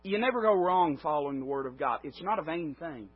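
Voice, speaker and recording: A male preacher giving a sermon in an emphatic way, his voice swelling and then dropping low. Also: animated, fairly quick, breathy edge. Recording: dull lo-fi recording.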